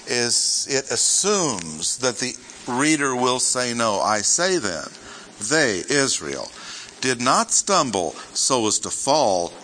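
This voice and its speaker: A man giving verse-by-verse Bible teaching to a gathered group, deliberate and emphatic, stressing and repeating his key points. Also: medium pitch, bright, forceful tone, slight background noise, low-quality recording.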